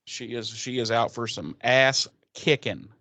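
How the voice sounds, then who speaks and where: A man's voice: medium pitch, unhurried, bright, forceful tone, dry recording. A man co-hosting a podcast, loosely retelling a TV episode with lots of fillers and casual swearing. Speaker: podcast co-host. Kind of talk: casual episode recap chat.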